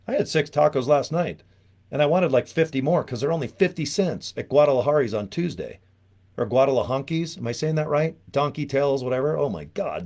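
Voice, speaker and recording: A man's voice: medium pitch, normal speed. Rambling, joking network marketing trainer man. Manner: rambling, animated, joking, with frequent asides. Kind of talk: casual training talk.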